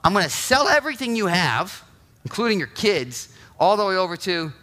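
A male pastor delivering a sermon, telling the story in an animated way, acting out quotes and often checking in with "right?". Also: high-pitched, brisk.

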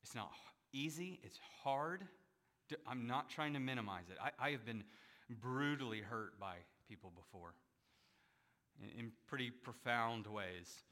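A male pastor delivers a conversational sermon in an expressive, unhurried, medium-pitched voice with a sharp tone. As he retells stories, he acts out the voices of the people in them.

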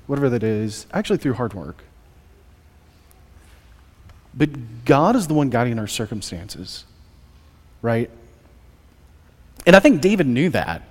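A man preaching a Sunday sermon as pastor, in a conversational way with joking asides. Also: on the high side. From United States. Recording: reverberant church hall.

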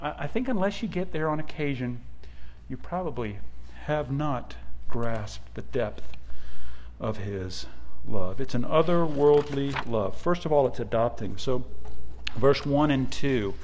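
A middle-aged man preaching a sermon as pastor. He swings from hushed, drawn-out asides to loud, emphatic declarations. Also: medium pitch, expressive, a little hiss or hum.

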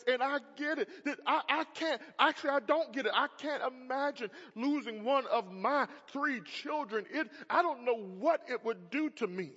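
A man in his thirties preaching a sermon as a pastor, swinging from hushed tones to loud emphatic peaks. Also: very high-pitched, moderate pace, hardly any pauses, breathy edge. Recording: muffled sound in a large reverberant hall.

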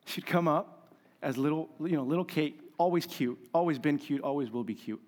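A pastor preaching a conversational, emphatic sermon with humor and rhetorical questions. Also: male voice, fairly high pitch, moderate pace, a little mellow.

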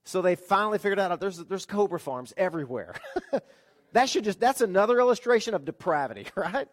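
A pastor preaching a sermon, telling stories with lively rhetorical questions to his congregation. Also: high-pitched, a little fast.

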